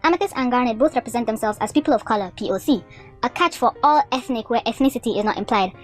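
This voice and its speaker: A woman doing a brisk, earnest letter-reader. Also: a little high, soft background music, natural voice. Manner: earnest, brisk read-aloud delivery.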